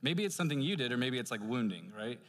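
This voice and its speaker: A man preaching a sermon in a church, casual and animated, with strong sibilant s sounds. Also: mid-range voice, fast talker, long reverb tail. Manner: conversational, animated preaching with asides. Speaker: pastor. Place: church sanctuary.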